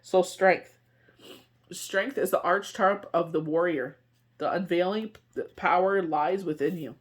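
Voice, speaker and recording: A woman's voice: fairly low pitch, unhurried. Woman, tarot reader, rambling casual delivery with lots of asides and fillers. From Canada. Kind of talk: casual spoken tarot reading.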